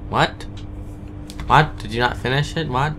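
A man talks through a horror game at a relaxed, slow pace, jumping at scares and cursing at enemies. His desk mic picks up clear keyboard typing behind him. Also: medium pitch, background noise. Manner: jumpy, swears and taunts enemies. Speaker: let's play gamer. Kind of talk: casual horror gameplay commentary.

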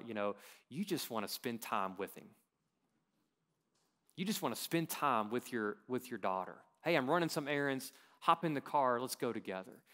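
A pastor preaching a sermon in a church, with a light Texan accent, swinging from loud emphatic questions down to quiet, drawn-out endings. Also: male voice, mid-range voice.

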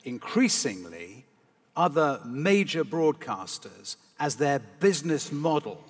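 A man's voice: a little high, big pitch swings, slow, breathy edge. A man hosting a live on-stage conversation, asking probing questions in a conversational way. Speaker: interviewer, host. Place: large event hall before an audience. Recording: long hall reverb.

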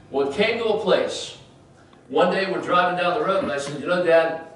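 Pastor, male, high voice, emphatic preaching, recorded from afar in a very reverberant church. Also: a little hiss or hum. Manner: emphatic preaching, voices Bible figures, drops to soft storytelling. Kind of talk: sermon. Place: church sanctuary. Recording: roomy church, far from the mic.

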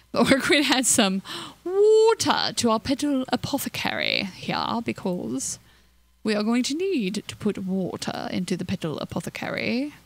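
A woman's voice: a little high, a bit bright. A young woman casually commenting on her gameplay, chatty and scattered, giggling and cooing at little in-game creatures. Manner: hyper and scattered. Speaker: let's play host.

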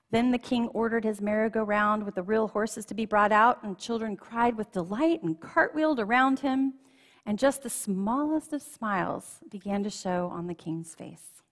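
Expressive woman reading a storybook, long reverb. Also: medium pitch. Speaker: storyteller in a church service. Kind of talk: reading a children's storybook aloud. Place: church sanctuary.

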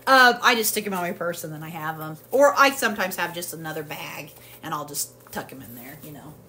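This haul vlogger chats loosely about her home haul from her kitchen, leaning on plenty of fillers. She speaks fairly quickly in a low-pitched voice that sounds pushed and bright, with a bit of background noise behind her.

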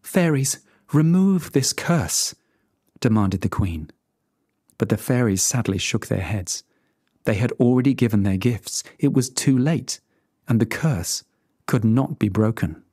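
A storyteller reading a fairy tale aloud in an expressive, animated way for English learners. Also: mid-range voice, unhurried, husky, dry recording, studio quality.

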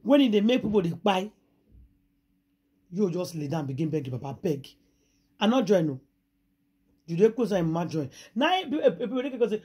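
A woman's voice: on the low side, very animated, moderate pace, pauses often, mellow, slightly rough. A woman with a Nigerian accent, hosting a gossip channel and retelling a story dramatically in Pidgin, with repeated exclamations.

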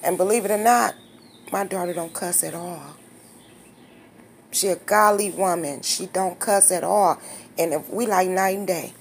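A woman's voice: on the low side, vocal fry, slight background noise. A woman in her fifties talking straight to her viewers in a casual vlog, blunt, candid, slangy and emotional. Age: 50s. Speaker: vlogger.

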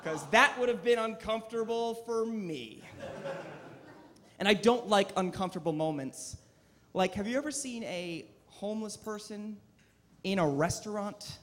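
A man in his twenties performing a deadpan, self-deprecating stand-up set on a comedy club stage into a handheld mic. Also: high voice, a little slow.

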